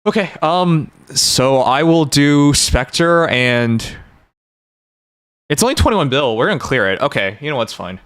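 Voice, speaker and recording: A man's voice: fairly high pitch, expressive, unhurried, fairly bright tone, clear, resonant tone, no echo, clean studio sound. A young man streaming a game, chatting casually and thinking aloud as he plans his teams. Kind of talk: casual gaming livestream chat.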